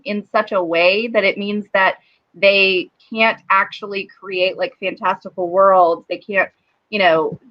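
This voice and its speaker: A woman's voice: mid-range voice, highs cut off. A woman with a Southern US accent, a guest in a casual writing chat, talking loosely with lots of "you know" and "like". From Southern United States. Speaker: guest writer.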